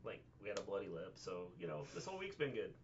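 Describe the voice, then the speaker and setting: A man's voice: low voice, big pitch swings, fast, lo-fi sound, a little hiss or hum. A man co-hosting a casual chat, adding dry jokes as he talks. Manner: dry, joking asides. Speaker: co-host.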